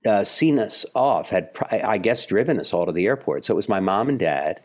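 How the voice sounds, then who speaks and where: A man in his seventies from Philadelphia, a guest actor telling animated stories in an interview. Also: fairly low pitch, fairly quick. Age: 70s. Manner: animated storyteller, acts out the people in his stories. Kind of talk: relaxed interview storytelling.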